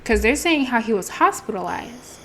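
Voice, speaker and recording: A woman's voice: on the high side, lively intonation, normal speed, very noisy. A woman hosting a let's play, commenting casually and thinking aloud as she works through a game. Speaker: gaming channel host.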